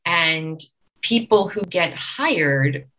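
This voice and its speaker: A woman from Long Island speaks as a dialect coach in a podcast interview. Her voice sits a little low yet rings bright and forceful. She explains things in an animated, teacherly way. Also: very slow, poor audio. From Long Island, New York.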